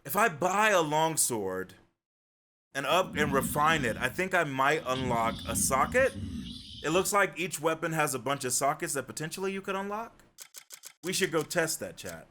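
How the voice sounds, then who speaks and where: A man livestreaming a game, chatty and excitable, talking to his chat as he plays. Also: on the high side, normal speed, noisy background. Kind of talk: live game commentary.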